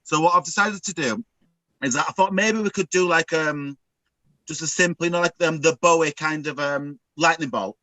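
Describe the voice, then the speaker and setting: A man's voice: fairly high pitch, normal speed, bright, forceful tone, no room sound, low-quality recording. A man with a Northern English accent, guest drag makeup artist, chatting camply and giggling over a video call from home. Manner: camp, chatty, giggly, calls people girl and love. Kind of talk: casual video call chat. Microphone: computer mic on video call.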